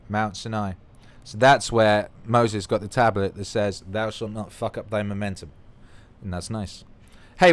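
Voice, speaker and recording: A man hosting a livestream, reading out viewer comments in a rambling, playful, profane chat. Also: on the low side. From United Kingdom. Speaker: livestream host.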